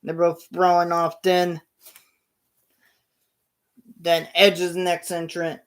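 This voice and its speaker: A man hosting his own show, narrating imagined wrestling action in a casual play-by-play, punctuated with loud sound-effect bursts. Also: on the high side, monotone, slow pace, smooth. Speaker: show host.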